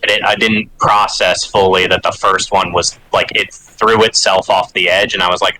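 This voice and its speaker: A man's voice: deep voice, level tone, moderate pace, bright, forceful tone, slight background noise, poor audio. A man playing in a tabletop game, talking casually and bluntly, now and then swearing. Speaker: player. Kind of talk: casual chat.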